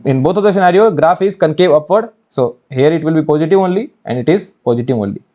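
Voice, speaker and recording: With a warm, expressive voice on the high side, a man speaking Indian English teaches engineering mathematics quickly in an online exam-prep lecture. He fires off questions, answers them, and repeats key phrases, though the audio is dull.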